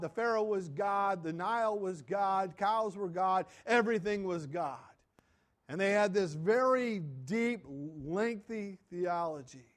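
High-voiced man preaching conversationally. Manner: conversational preaching, asks and answers himself; trails off quietly at phrase ends, with restarts. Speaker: pastor. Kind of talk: sermon.

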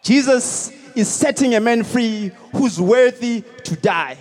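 A man preaching a sermon as pastor at a stadium service, emphatic and repetitive, rising to shouted peaks. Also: very high-pitched, expressive, takes it slowly.

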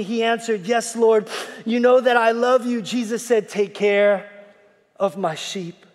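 A male pastor preaching a sermon, folksy, swinging from shouting to hushed tones and calling out to the congregation. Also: extremely high pitch, a little slow. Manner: folksy, repeats calls to the congregation. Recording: long hall reverb.

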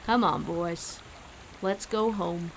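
Woman doing a calm low-voiced male hunter. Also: slow, a little hiss or hum, poor audio. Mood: soothing. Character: gruff kindly male hunter, dog owner.

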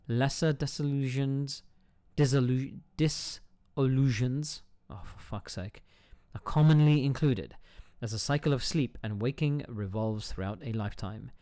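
A man's voice: mid-range voice, a little mellow, no echo, studio quality. A man hosting a casual solo podcast, reading a book aloud, stumbling over hard words, cursing at himself and breaking off with joking asides. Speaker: podcast host.

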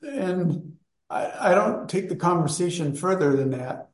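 A man's voice: high voice, expressive, a little slow, echoey room. A man in a study group, casually telling a personal story and rambling as he searches for words.

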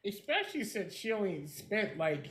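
A man with a high, bright voice that swings up and down a lot, co-hosting a casual podcast. He butts in with crude, joking remarks and curses freely. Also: big pitch swings, moderate pace, reverberant. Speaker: podcast co-host.

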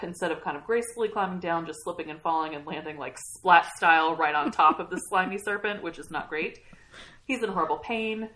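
A woman telling a story in a casual, animated way, swearing often and laughing at the funny parts. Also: lowish voice. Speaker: podcast host recapping a book. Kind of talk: casual chat.

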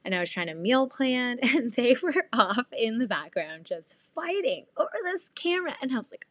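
A woman's voice: a little high, lively intonation, moderate pace, hardly any pauses, fairly bright tone, no echo. A woman in her thirties talking candidly to camera as a mom vlogger, earnest and rambling, often laughing as she tells the story. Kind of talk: candid confessional vlog.

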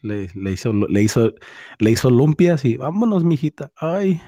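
A man's voice: medium pitch, sing-song, brisk, dark tone. A man, hosting a casual chat, swearing a lot and mixing in Spanish slang. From California. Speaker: podcast host.

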